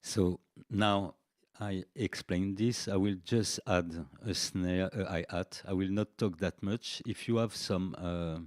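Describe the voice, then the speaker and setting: A man explaining music software features in a live-streamed tutorial, unhurried and checking in with "okay" as he goes. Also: low voice, steady tone, no room sound, studio quality. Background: faint drum machine beats.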